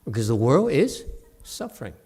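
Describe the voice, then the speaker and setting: A man's voice: medium pitch, moderate pace, husky. A man teaching a conversational Buddhist lecture in a temple hall, with chuckling asides to his listeners. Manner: animated, chuckling asides to the audience.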